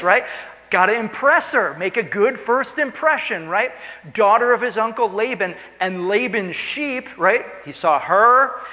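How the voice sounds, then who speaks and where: High-voiced preacher in a reverberant church. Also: male voice, very animated, takes it slowly, bright, forceful tone. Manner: conversational, keeps asking "right?"; acts out the story in character voices. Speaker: pastor. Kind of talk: sermon. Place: church sanctuary.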